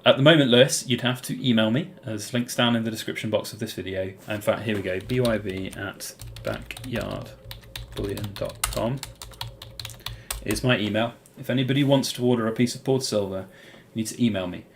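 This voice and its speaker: A man's voice: fairly low pitch, steady tone, brisk, a little hiss or hum. A British man hosting a casual live-stream Q&A, answering viewers' chat questions in a rambling way with plenty of "um" and "uh". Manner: rambling, many fillers and restarts.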